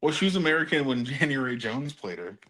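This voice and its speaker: A man's voice: medium pitch, animated, fast talker, a bit bright, low-quality recording. A man co-hosting a casual pop-culture podcast, laid-back, mostly reacting with short remarks. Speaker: podcast co-host.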